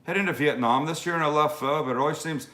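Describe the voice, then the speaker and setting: A man voicing an Irish man from Belfast in a put-on Irish accent, reading a viewer's question aloud in a raised, lively voice. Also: fairly high pitch, fast talker, reverberant, voice pushed up. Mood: cheerful. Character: Irish man from Belfast asking for cooking tips.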